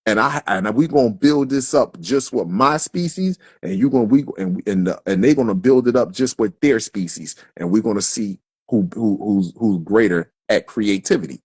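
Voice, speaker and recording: A man on a live stream, husky-voiced, delivering a heated, preachy rant full of constant swearing. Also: lowish voice, moderate pace, few pauses, a little mellow, no room sound. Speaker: livestream speaker. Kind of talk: impassioned profane rant. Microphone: phone on a live stream.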